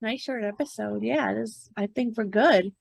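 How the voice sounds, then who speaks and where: A woman with a slightly high voice, co-hosting a podcast in a playful, giggly manner. The recording is dry and close. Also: a little slow, gravelly, no room sound. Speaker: podcast co-host. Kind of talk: casual chat.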